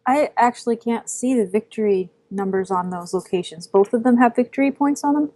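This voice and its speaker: A woman with a warm, mellow voice plays a card game on a casual podcast. She talks in an easygoing way and laughs readily. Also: fairly high pitch, brisk. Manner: easygoing, giggly.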